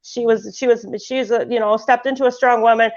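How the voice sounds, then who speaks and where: A woman's voice: on the high side, steady tone, brisk. Rambling woman in casual spiritual chat. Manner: rambling, many restarts, laughs often. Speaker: podcast host. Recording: muffled lo-fi sound.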